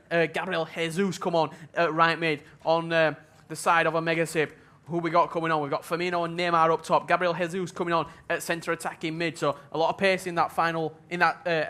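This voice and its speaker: A man giving play-by-play commentary on a football video game match, measured and level-headed in his analysis. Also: on the high side, sharp tone. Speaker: esports commentator.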